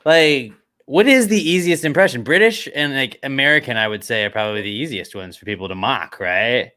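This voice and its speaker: A man's voice: medium pitch, lively intonation, fairly quick, bright, forceful tone. Jokey man bantering on a podcast. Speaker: podcast co-host. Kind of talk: casual football chat.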